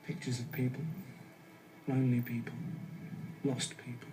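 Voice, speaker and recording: An actor playing a lonely male artist on a phone call, speaking low and intimately in a film clip. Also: little pitch movement, moderate pace, noisy background, natural voice. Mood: brooding. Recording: film audio played in a room, from far off.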